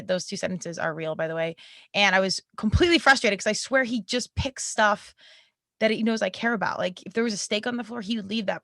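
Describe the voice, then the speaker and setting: Her voice is medium in pitch, bright and forceful, with noticeable vocal fry. In this personal podcast monologue, recorded dry and clean on a podcast mic in a studio, the young host chats openly and laughs now and then.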